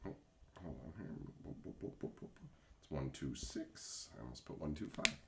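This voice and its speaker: A man hosting a casual livestream, chatting with viewers in a blunt, animated way, swearing freely and breaking into loud outbursts. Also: very deep voice, normal speed, creaky, a little hiss or hum. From Canada. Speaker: streamer host.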